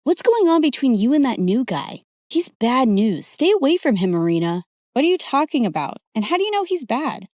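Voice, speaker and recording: A pushy teenage boy, protective and jealous, presses his point insistently, as a woman voices him. The voice stays fairly high and the recording is dry. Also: sing-song, fairly quick, few pauses, darkish tone, no room sound. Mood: worried.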